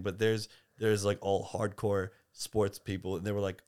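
A man's voice: fairly low pitch, fairly even intonation, fairly quick, few pauses. An Australian man who is a barista and coffee creator, a guest chatting casually in a podcast interview, rambling with lots of fillers and restarts.

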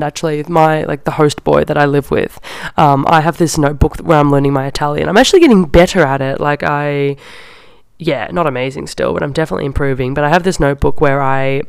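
In a low voice with vocal fry, a young adult podcast host chats her way through a casual story, leaning heavily on "like." The sound is clean and studio quality, with no echo.

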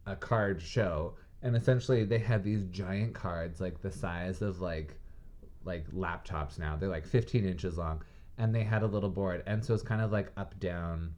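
A man co-hosting a casual chat, telling jokey, animated stories about old game shows. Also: low-pitched, moderate pace. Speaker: podcast co-host.

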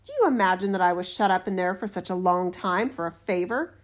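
A woman voicing a huge, haughty male spirit from a bottle in a storybook reading, speaking slowly and menacingly. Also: close to an everyday voice. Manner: slow, booming, haughty.

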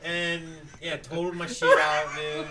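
A man's voice: fairly high pitch, animated, unhurried. A man guesting on a podcast, telling stories casually, swearing freely and laughing through them. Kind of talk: casual storytelling. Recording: off-mic with faint background noise.

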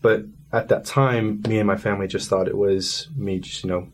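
Young man, low voice, rambling earnestly. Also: fairly even intonation, normal speed. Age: young adult. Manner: earnest, rambling with many fillers. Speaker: guest. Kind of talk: casual interview.

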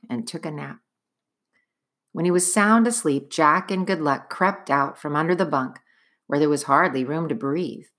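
Woman reading a children's novel aloud, low voice, very lively expressive delivery. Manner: expressive, dramatic storytelling. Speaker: narrator. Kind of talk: storybook read-aloud.

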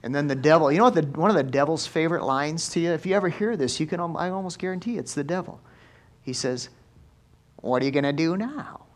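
A male pastor preaching a lively sermon in church, swinging from soft asides to loud exclamations. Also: a little high, fast talker. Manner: animated preaching with big swings in loudness.

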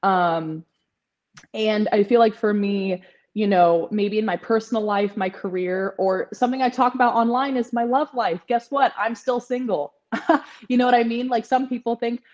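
A woman's voice: on the high side, moderate pace, a little mellow, highs cut off. A woman in her twenties, a podcast guest, talking in a chatty way with lots of fillers and frequent laughter. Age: 20s. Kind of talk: casual interview chat.

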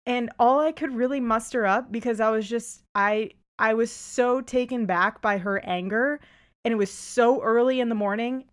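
A young woman hosting a Christian podcast, recounting a story with lively emphasis before easing into calm reflection. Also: on the high side. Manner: animated retelling, voices rise for quoted lines. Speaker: podcast host.

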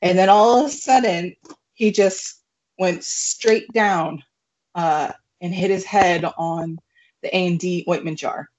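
Lower-voiced woman on a muffled recording. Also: slow pace. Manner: animated, laughing, frequent fillers. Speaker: guest. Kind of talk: casual storytelling.

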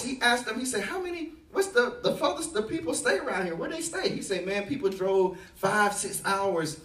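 A man preaching a sermon as pastor, telling a story and building to loud, emphatic delivery. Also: sits high, very animated, moderate pace, few pauses, echoey room, recorded from a distance.

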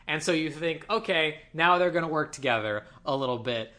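A man casually retelling a movie plot to a co-host, animated and quoting the characters as he goes. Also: fairly high pitch. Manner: animated storytelling, quoting characters in quick voices. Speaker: podcast co-host. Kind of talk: casual movie recap chat.

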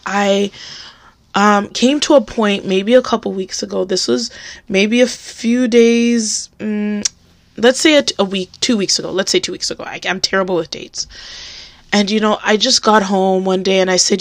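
A woman's voice: medium pitch, normal speed, dry recording, clean studio sound. A young woman hosting a podcast, speaking candidly and emphatically about her faith and personal struggles. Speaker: podcast host.

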